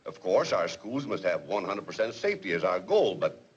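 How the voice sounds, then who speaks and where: A measured school board official. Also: male voice, deep voice, sing-song. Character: cautious, businesslike middle-aged male school board official. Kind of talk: 1940s film comedy acting. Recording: muffled 1940s film soundtrack with hiss.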